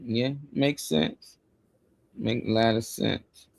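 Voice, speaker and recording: A man co-hosting a live morning show in a relaxed, slang-heavy casual chat. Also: mid-range voice, slow, gravelly, no room sound. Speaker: co-host.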